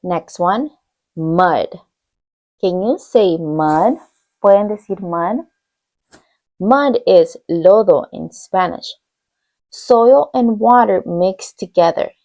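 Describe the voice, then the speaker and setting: Female teacher, slow and patient, slight vocal fry, switching between English and Spanish for a children's class. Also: medium pitch, darkish tone. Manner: repeats each word in English and Spanish, encouraging. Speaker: bilingual teacher. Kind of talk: slow bilingual classroom lesson for young children.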